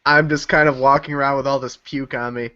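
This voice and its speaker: A man at a tabletop game, calmly describing his character's actions in a middle-pitched voice. The recording is dull and lo-fi. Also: fairly quick. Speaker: player. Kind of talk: casual tabletop play.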